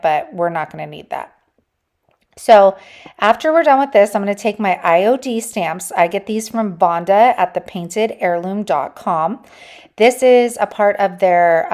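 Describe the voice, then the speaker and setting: A young woman narrates a home craft tutorial in a casual, chatty voice-over. Her voice sits at an ordinary middle pitch, and she sounds enthusiastic as she walks her viewers through each step. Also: darkish tone. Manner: chatty and enthusiastic, addresses viewers as "you guys". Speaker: DIY crafts channel host.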